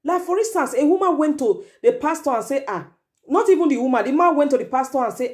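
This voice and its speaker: A woman with a Nigerian accent giving a forceful, lecturing advice monologue as a vlogger, slipping into Pidgin. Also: high voice, sing-song, quick pace.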